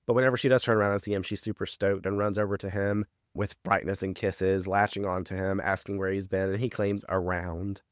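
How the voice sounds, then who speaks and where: Man, podcast recap, low voice, dry close sound, rambling, lots of "like", swears. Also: flat delivery, a little fast, few pauses, clean tone, no echo. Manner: rambling, filler-heavy, swears freely. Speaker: podcast co-host recapping a TV episode. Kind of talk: casual chat.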